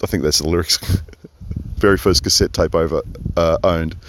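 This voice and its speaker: A man from Perth, Australia, records a chatty audio diary outdoors under a big tree on a windy day, his phone resting close against his face. His lowish voice runs fast with fairly even intonation, rambling and getting sidetracked by asides.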